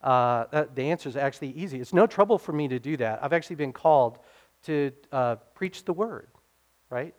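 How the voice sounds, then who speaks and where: A middle-aged male pastor delivering a sermon in an earnest, conversational manner. His voice sits a little high for a man, and he keeps checking that his listeners follow along. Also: lively intonation, fairly quick. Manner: earnest, conversational preaching with frequent "okay?" and "right?" checks.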